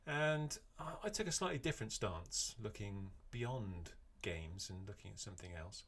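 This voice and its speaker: Brief: middle-aged podcast host, low-pitched, easygoing and chatty. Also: male voice, moderate pace, slightly rough. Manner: relaxed, chatty, with frequent fillers. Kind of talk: casual podcast chat.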